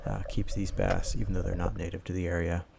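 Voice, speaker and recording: A man with a very low voice and a gravelly, fried edge talks his viewers through his footage in a loose, easygoing voice-over. He rambles a little and drops in plenty of "uh"s and "um"s as he goes. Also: brisk, background noise. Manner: rambling, relaxed, many filler words. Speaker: vlogger. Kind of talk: casual voice-over narration.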